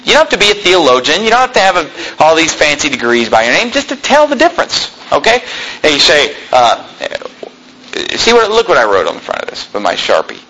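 A man's voice: fairly high pitch, huge pitch swings, brisk, bright, forceful tone, slight background noise, low-quality recording. A man preaching a fiery sermon in a church, combative and sarcastic, quizzing the congregation. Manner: combative, sarcastic, asks the congregation for shows of hands.

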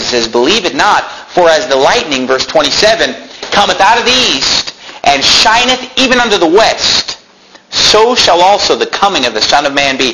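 Male preacher in a sermon, sharp and forceful, reads scripture aloud with loud emphatic bursts. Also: on the high side, a little hiss or hum, rough recording. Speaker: pastor.

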